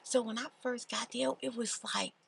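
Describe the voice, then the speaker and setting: A woman telling a personal story in a soft-spoken ASMR style, chatty and casual. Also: fairly even intonation, normal speed, gravelly, slight background noise. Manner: soft, low-key delivery. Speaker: storytime channel host.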